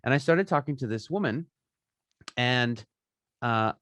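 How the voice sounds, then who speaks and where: A man's voice: medium pitch, animated, measured pace, fairly bright tone, no echo. Upbeat chatty man giving podcast advice. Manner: upbeat, chatty, tags points with "right?". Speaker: podcaster guest. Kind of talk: casual interview advice.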